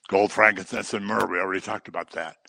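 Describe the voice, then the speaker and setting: A man's voice: lowish voice, vocal fry, bright, forceful tone, no echo, poor audio. A man preaching a conversational sermon, full of joking asides and everyday stories.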